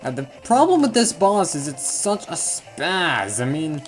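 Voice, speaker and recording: A man's voice: a little high, big pitch swings, a little slow. A man giving casual, rambling commentary over a video game he is playing, with self-deprecating jokes and frequent asides. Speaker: let's play commentator. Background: faint game music.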